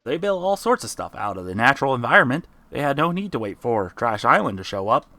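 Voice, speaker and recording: A man voicing an excitable male crab pushing wild theories, talking insistently. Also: mid-range voice, fast, no room sound.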